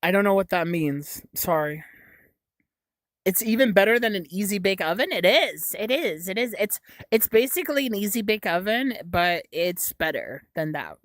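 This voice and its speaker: A young woman chats on her livestream, reacting to comments with giggles and stumbling restarts. Her voice swoops up and down in lively bursts. It is picked up dry and close on a desk mic, with no room sound. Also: medium pitch, normal speed, dry recording. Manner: giggly, stammering, jokey. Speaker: livestream host. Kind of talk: casual chat reading viewer comments.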